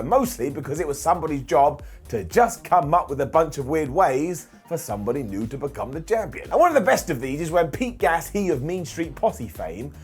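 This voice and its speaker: A young man narrating a wrestling countdown list in a wry, jokey way, slipping into quick voices for the people he talks about. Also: a little high, husky.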